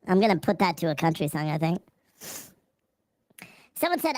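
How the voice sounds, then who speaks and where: A woman's voice: on the low side, animated, moderate pace, pauses often, no room sound, clean studio sound. Profane, chatty young woman livestreaming. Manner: profane, chatty, laughs often. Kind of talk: casual livestream chat.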